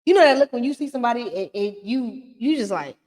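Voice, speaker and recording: A woman's voice: a little high, animated, fast talker, a little mellow. Blunt, sassy woman in a reverberant room. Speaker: reality TV recap host. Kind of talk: casual recap commentary.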